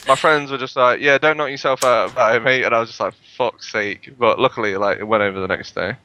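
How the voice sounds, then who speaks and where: A man's voice: mid-range voice, fast talker, hardly any pauses, pushed and bright, slight background noise. A young man, a podcast co-host telling rambling, sweary anecdotes in casual chat.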